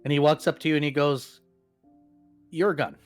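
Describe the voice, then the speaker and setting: A man narrating as game master of a tabletop role-playing game, with animated quick asides. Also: on the high side, smooth, faint music behind.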